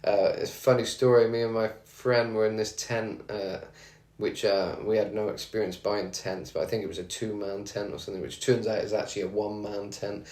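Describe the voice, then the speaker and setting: A man's voice: fairly low pitch, level tone, a little fast, darkish tone. A man hosting a radio show and telling rambling, chatty stories with lots of fillers and restarts. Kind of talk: casual anecdotal storytelling. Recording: roomy echo.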